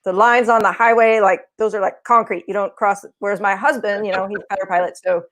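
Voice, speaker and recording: A woman co-hosting a podcast, talking in a thoughtful, soft way in casual conversation. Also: medium pitch, steady tone, fast talker. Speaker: podcast co-host.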